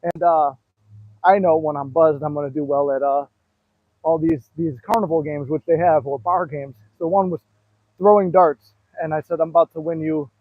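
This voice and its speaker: A man's voice: on the high side, fairly even intonation, normal speed, dry recording. Breathless man walking, tinny phone sound. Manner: rambling, storytelling with fillers. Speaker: manifestation coach. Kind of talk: casual livestream talk. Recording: dry tinny phone-like audio.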